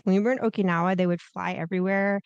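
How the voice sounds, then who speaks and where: A woman's voice: medium pitch, fast talker, clear, resonant tone, dry recording, lo-fi sound. A woman guest on a podcast telling a funny story in casual chat, laughing often. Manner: giggly, animated storyteller.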